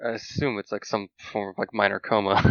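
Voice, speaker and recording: A man's voice: on the low side, little pitch movement, brisk, a bit bright, no room sound. A man playing a tabletop game, hesitant and full of "like" fillers. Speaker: player. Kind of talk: casual tabletop play. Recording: dull lo-fi mic.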